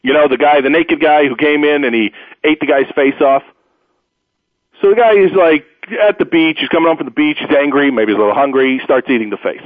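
A man hosting a sports talk radio show, rambling through stories and blunt opinions in an animated, storytelling way. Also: a little high, brisk, no room sound. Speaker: radio host. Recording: tinny phone-like radio audio, dry.

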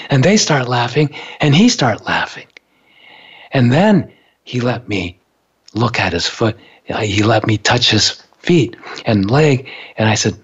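A man telling a story in a casual, animated way, acting out what people said and laughing along. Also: mid-range voice, slightly rough, lo-fi sound. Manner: animated, acts out quoted voices, laughs while telling.

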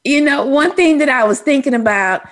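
A woman's voice: sits high, lively intonation, normal speed. A woman with a Texas accent, co-hosting a casual chat in a folksy storytelling way. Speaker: co-host.

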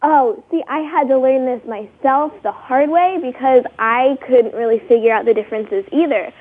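Young woman, husky, over a phone line. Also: high-pitched, moderate pace. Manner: chatty, bubbly, many fillers. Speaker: actress guest. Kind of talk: casual interview chat.

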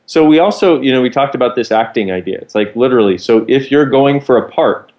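A man's voice: medium pitch, animated, a little fast, darkish tone. A man co-hosting, explaining ideas in a casual, rambling teaching chat. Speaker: co-host.

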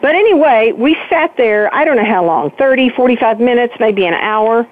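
A woman's voice: fairly high pitch, moderate pace. Older woman storytelling over a tinny phone line. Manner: animated storyteller, emphatic. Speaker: guest author. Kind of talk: phone-in interview. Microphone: telephone.

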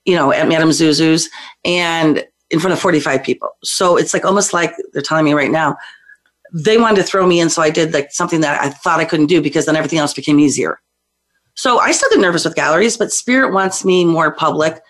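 A woman's voice: low-pitched, brisk. Hyper, chatty woman psychic guest. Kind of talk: casual talk show interview.

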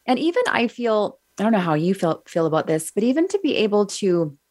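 A woman hosting a podcast, affirming her guest and thinking out loud about parenting. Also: medium pitch, very animated, brisk. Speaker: podcast host. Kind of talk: casual podcast conversation.

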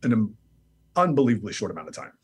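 A man's voice: lowish voice, big pitch swings, fast, slightly rough. A man who writes books, a guest on an online talk show, speaking earnestly and enthusiastically. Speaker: guest author. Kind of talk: casual interview talk on a video call.

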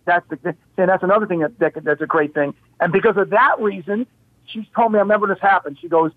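A man with a high voice talks emphatically, tossing out rhetorical questions as he tells his story. The sound is dry and tinny, like a phone line. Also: quick pace, no room sound. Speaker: guest, health practitioner. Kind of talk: animated storytelling on a talk show.

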